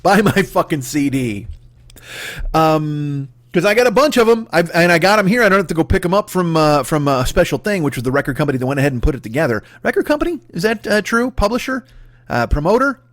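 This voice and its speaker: Profane rambling comedian, raised voice. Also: male voice, very animated, fairly quick. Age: 50s. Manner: profane, self-mocking, swings between loud rants and low mutters. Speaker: podcast host. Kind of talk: rambling solo comedy monologue. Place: home apartment.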